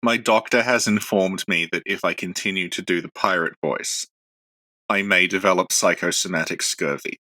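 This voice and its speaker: A man's voice: low-pitched, steady tone, normal speed, pushed and bright, no room sound. A man co-hosting a podcast in casual chat, explaining things and teasing his co-host with dry humor.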